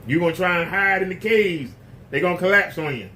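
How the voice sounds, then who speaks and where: A man's voice: high-pitched, fairly quick, bright, forceful tone, slight background noise. A man preaching a casual sermon in a blunt, emphatic, folksy way.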